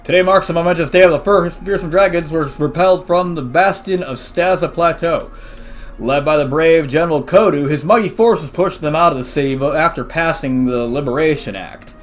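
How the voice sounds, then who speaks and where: A man voicing a solemn male newscaster who reads a headline slowly and formally. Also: a little high, faint music behind, lightly acted. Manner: slow, deliberate, formal.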